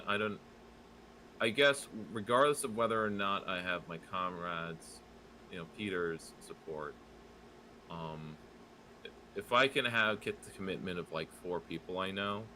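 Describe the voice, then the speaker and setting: A man with a low, bright, forceful voice chats casually on a podcast. He hesitates often, piling up fillers and restarts. A faint hiss sits under the recording. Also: rough recording. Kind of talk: casual political podcast chat.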